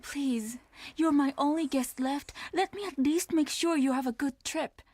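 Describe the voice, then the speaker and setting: Woman, weary innkeeper, gloomy, high-pitched, dry studio sound. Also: unhurried, no echo. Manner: gloomy, resigned, quietly ominous. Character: weary female innkeeper of a failing inn. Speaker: video game character.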